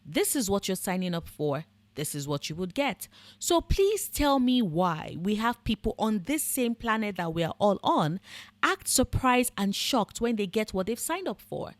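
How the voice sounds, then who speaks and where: A woman delivers a scripted monologue with blunt sarcasm and casual profanity. Her voice sits at an ordinary middle pitch. The recording is dry and close, with no room sound. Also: very animated, normal speed, no room sound. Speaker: book and fandom commentator.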